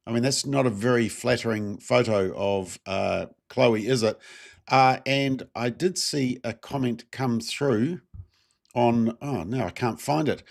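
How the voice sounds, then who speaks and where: A man, talking through his points in a loose, conversational way. He fills pauses with frequent ums and uhs and throws rhetorical questions at his viewers. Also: medium pitch. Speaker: political commentary host. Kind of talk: casual solo political commentary.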